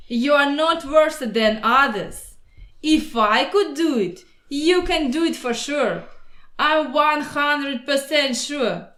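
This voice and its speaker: A woman voicing a boastful, proud male mosquito who pitches himself like a salesman, grandiose and persuasive. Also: fairly bright tone, exaggerated voice. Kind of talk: storybook voice acting. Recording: roomy echo.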